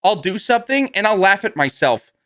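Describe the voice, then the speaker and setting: High, lively young man joking around. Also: a little fast, no echo, clean studio sound. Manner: goofy, putting on silly old-man voices, laughs a lot. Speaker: podcast host. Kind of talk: casual comedic chat.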